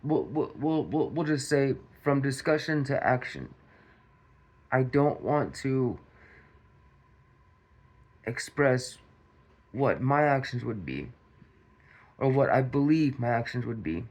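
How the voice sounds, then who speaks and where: Male commentary host, unhurried delivery, mid pitch, repetitive rhetorical style. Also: expressive, a little mellow. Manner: repetitive, restarts, rhetorical questions to viewers. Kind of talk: casual commentary monologue.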